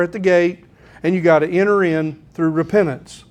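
Middle-aged pastor, man, folksy and earnest, somewhat high-pitched. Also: fairly even intonation, normal speed, darkish tone. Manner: folksy, earnest, clears throat often. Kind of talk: sermon.

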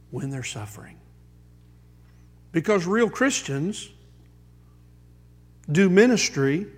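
A man preaching a sermon as pastor, quoting scripture and building to emphatic high points. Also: long reverb tail.

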